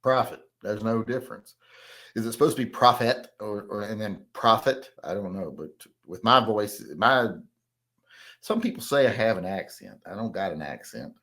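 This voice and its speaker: A man's voice: fairly low pitch, expressive, moderate pace, a bit bright. A man with a Southern American accent hosting a casual podcast, reading out viewer comments and answering them in a blunt, rambling, folksy way. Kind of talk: casual solo podcast chat.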